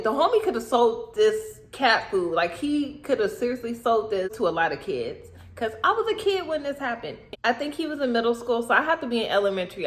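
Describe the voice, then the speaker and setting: Chatty young woman vlogger, echoey room. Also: fairly high pitch. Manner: chatty, animated retelling with slang. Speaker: YouTube vlogger. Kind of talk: casual storytime vlog.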